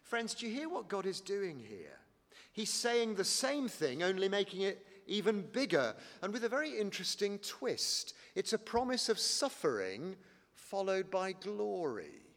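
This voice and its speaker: A man preaching a sermon in a church, animated and conversational, calling his listeners friends. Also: high-pitched, measured pace, long reverb tail.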